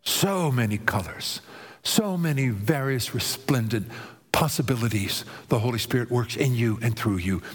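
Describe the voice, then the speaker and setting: A man preaching a sermon with dramatic delivery, swinging between high exclaiming and low hushed tones. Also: animated, normal speed, breathy edge, big-room sound.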